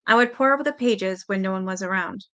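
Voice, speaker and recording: A woman's voice: mid-range voice, fast talker, pushed and bright. A woman hosting her channel, reading letters aloud as a story, reading steadily and sometimes stumbling over words. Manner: reads steadily, stumbles on words, breaks in with blunt reactions. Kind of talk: storytelling reading with spoken asides.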